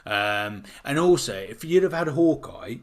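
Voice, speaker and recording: A man's voice: medium pitch, very animated, measured pace. A man from the UK co-hosting a podcast in casual chat, blunt and opinionated with casual swearing. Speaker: podcast co-host.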